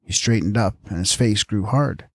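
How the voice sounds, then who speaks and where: A man narrating a story aloud in a measured storytelling reading. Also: on the low side, no echo. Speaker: audiobook narrator. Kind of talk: scripted narration.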